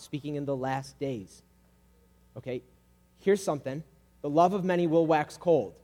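A man with a somewhat high voice preaches in a relaxed, chatty way, peppering his points with "like" and little acted-out quotes. His voice rings out with a long reverb through the hall. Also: moderate pace. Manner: casual and conversational, acting out quoted voices. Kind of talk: sermon.

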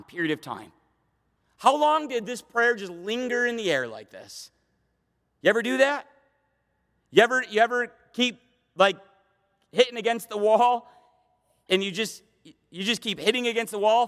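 A man's voice: high-pitched, a bit bright. Impassioned man preaching in a reverberant hall. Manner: impassioned, repeats words, pleading emphasis. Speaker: pastor. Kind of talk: sermon.

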